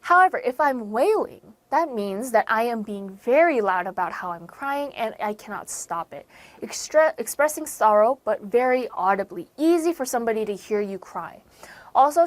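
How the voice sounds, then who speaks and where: A woman's voice: fairly high pitch, expressive, moderate pace, no echo. An American woman teaching English vocabulary in an online lesson, explaining words patiently, repeating and rephrasing, with sudden emphatic stresses on key words. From United States.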